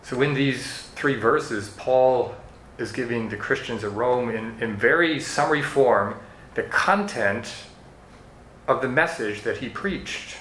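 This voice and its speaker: A man preaching a verse-by-verse sermon at a middle pitch, in an earnest teaching tone. His voice rings in a reverberant room. A faint hum of ambience sits behind him. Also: takes it slowly, fairly bright tone. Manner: earnest teaching tone, leads listeners through verses. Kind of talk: expository sermon.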